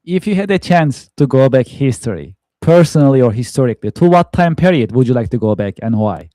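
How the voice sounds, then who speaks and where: Male podcast host, mellow tone, dry close sound, formal questions. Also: mid-range voice, expressive, a little fast, no echo. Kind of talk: reading interview questions.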